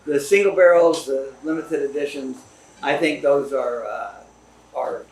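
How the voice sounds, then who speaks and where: A man's voice: medium pitch, unhurried, a little mellow. A man talking as a distiller guest in a casual chat, easygoing and agreeable, recorded at a distillery. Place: distillery room. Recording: roomy, distant mic.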